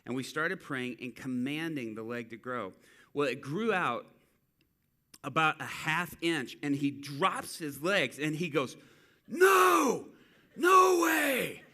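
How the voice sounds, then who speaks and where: A man's voice: medium pitch, measured pace. A man preaching to a church, telling a street-ministry story and acting out the people in it. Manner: animated storyteller acting out quotes. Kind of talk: sermon storytelling.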